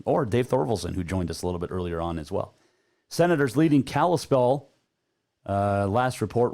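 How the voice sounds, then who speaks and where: A man's voice: sits low, darkish tone. A man hosting a sports talk radio show, chatting casually and rambling a bit with plenty of filler words.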